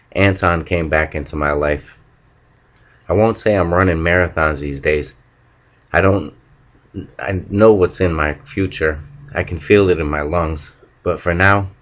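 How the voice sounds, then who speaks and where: Deep-voiced man reading a novel. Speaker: audiobook reader. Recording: dull lo-fi recording.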